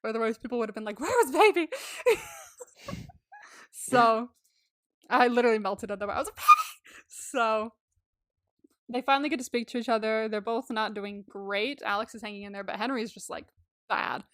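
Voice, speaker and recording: A woman co-hosts a podcast, casually recapping a movie with lots of laughter, giggling animation, acted-out quotes and free swearing. Her voice is fairly high and a little fast, with frequent pauses, in a dry, studio-quality recording.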